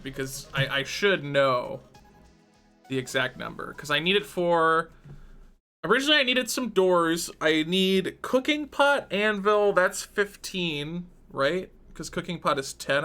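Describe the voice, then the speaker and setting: A man's voice: sits high, expressive, normal speed, pushed and bright, faint music behind. A man streaming a game live, thinking aloud in a chatty, self-deprecating way. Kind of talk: live-streamed gameplay commentary.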